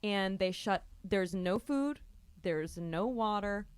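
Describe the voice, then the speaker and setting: A woman comedian telling a long, rambling story in a casual way, with lots of "like" and loud acted-out outbursts. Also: medium pitch, animated, slow pace, smooth, dry recording. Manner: rambling, filler-heavy, acts out voices loudly. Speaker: guest comedian.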